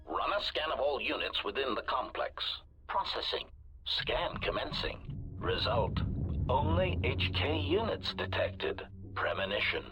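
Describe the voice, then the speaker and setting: A man voicing a cold, scheming droid mastermind in a video game, clipped and flat, labelling each statement before he says it, heard under game music. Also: medium pitch, measured pace. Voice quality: flat mechanical delivery.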